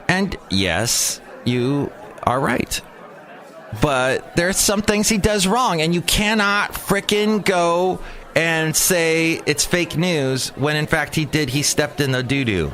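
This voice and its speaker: A man's voice: on the high side, slow pace. A man hosting his own daily podcast, rambling through a comedic monologue with lots of restarts and asides. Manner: rambling, animated, self-interrupting. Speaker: podcast host. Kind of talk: comedic monologue with character voices.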